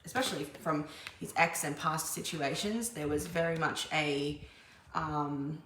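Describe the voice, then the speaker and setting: A woman's voice: deep voice, unhurried, a bit bright. A young woman giving a casual tarot reading, chatty and rambling with many fillers and restarts. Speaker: tarot reader. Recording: echoey room, faint background noise.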